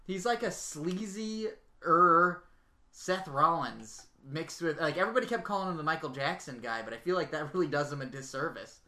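A woman's voice: low voice, lively intonation, sharp tone, echoey room. A woman co-hosting a podcast in a casual, rambling, chatty way. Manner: chatty, rambling, quick to laugh. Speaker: podcast co-host. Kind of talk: casual chat.

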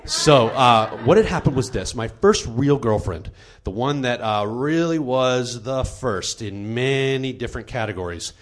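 A man's voice: medium pitch, expressive, a little slow, hardly any pauses. A man opening a comic personal story in a self-mocking, upbeat way.

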